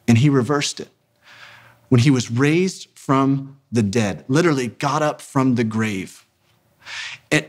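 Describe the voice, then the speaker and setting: Man, sermon-style talk, earnest and emphatic, slightly high voice, slows for emphasis. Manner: earnest, emphatic, slows down to stress key words. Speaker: ministry founder and speaker.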